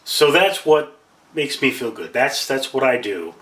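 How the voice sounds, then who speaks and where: A man talks straight to his camera in a rambling, self-deprecating monologue. His voice is bright and forward. He sits back from the mic in a roomy, echoing space. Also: medium pitch, big pitch swings, measured pace, far from the mic. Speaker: vlogger.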